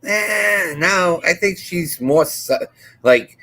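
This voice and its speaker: A man's voice: sits high, animated, slow, sharp tone. A man from the northern US chatting casually as co-host on a live stream, rambling into stories. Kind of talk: casual chat.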